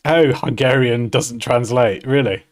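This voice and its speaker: A man's voice: mid-range voice, measured pace. A man hosting a design livestream, chatting casually as he works and laughing often at himself.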